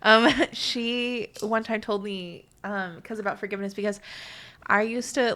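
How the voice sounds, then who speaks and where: A woman's voice: mid-range voice, normal speed, fairly bright tone. A woman in her late twenties co-hosting a podcast, telling a candid personal story in casual chat, full of "like" and restarts. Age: 20s. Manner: candid, filler-heavy storytelling with frequent "like". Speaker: podcast co-host.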